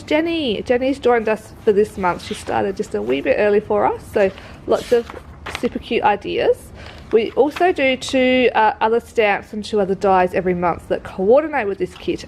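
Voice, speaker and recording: A woman's voice: medium pitch, darkish tone, slight background noise, poor audio. A woman with an Australian accent, who says she is sick, chattily walking through a craft kit and gushing over each item. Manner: chatty, gushing, lots of fillers. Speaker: craft shop presenter. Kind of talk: casual product walkthrough. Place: work premises.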